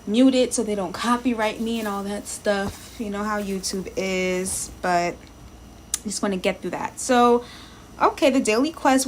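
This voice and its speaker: Streaming live as she practices a language, a woman speaks at medium pitch against a little background hiss or hum. She sounds out words from her lesson text, muses aloud, talks casually, and welcomes viewers commenting in the chat.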